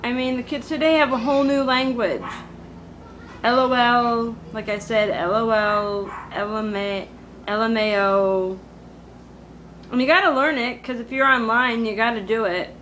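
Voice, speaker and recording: A woman's voice: on the high side, steady tone, measured pace, fairly bright tone, slight background noise, low-quality recording. A woman doing a comedic valley-girl monologue, full of "like" and "totally," ranting with exaggerated drama.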